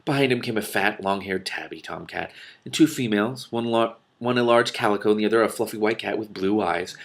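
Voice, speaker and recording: A man with a fairly low, creaky voice reads a fantasy novel aloud a little fast and casually, adding commentary. He stumbles and restarts now and then, makes slips, and breaks into laughter.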